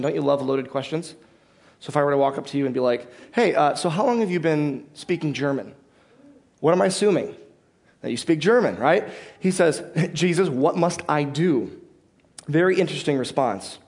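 A pastor preaching a conversational sermon in a church, explaining the text and putting questions to the congregation. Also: male voice, fairly high pitch, a little mellow.

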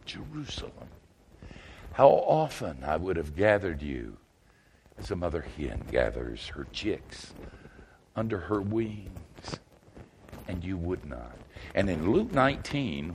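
An older man preaching a sermon in a folksy, wry way, swinging from loud outbursts to hushed asides. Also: low-pitched, gravelly, slight background noise.

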